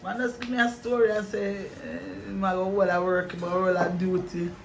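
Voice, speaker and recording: A man with a Jamaican accent telling a rambling, animated story in a barbershop. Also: sits high, fairly quick, vocal fry, crowd noise. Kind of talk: casual chat.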